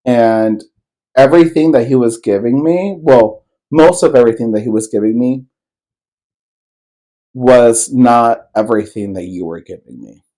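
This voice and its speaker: A man's voice: mid-range voice, measured pace, warm tone, rough recording. A man co-hosting a podcast, telling a personal story in loose, rambling casual chat, full of fillers and swearing. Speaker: podcast co-host.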